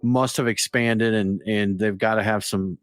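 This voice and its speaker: A man co-hosting a beer podcast in a relaxed, joking back-and-forth. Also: lowish voice, measured pace, dry recording, clean studio sound. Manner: easygoing, joking banter. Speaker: podcast co-host. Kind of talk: casual chat.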